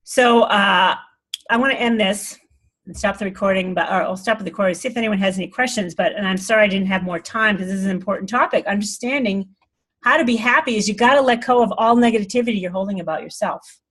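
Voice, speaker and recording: A woman's voice: mid-range voice, fast, fairly bright tone. Earnest woman teaching spirituality. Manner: earnest, rambling, laughs often. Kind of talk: informal talk to an online group.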